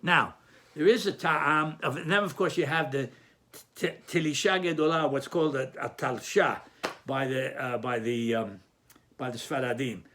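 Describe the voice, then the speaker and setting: A man's voice: medium pitch, normal speed, fairly bright tone, a little hiss or hum. A man teaching a spoken lesson on cantillation, patient and explanatory, often restarting his phrases.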